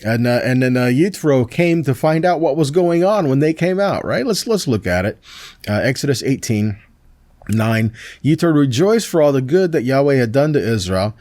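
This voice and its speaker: A man's voice: medium pitch, expressive, moderate pace, a little mellow, no echo. A man preaching a Messianic Torah teaching, reading verses aloud and then explaining them conversationally, often checking with "see that?" and "right?". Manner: conversational, with fillers and restarts. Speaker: pastor.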